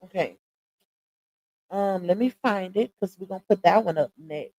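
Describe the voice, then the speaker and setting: A woman's voice: mid-range voice, normal speed, mellow, rough recording. A woman hosting a casual livestream, chatty, calling her viewers y'all and stopping often to dig up screenshots. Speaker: livestream commentary host.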